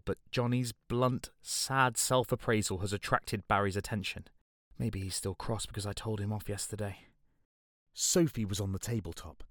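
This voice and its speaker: A man narrating audiobooks in an expressive, dramatic way. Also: lowish voice, dry recording, studio quality. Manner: expressive, dramatic, shifts voice for characters.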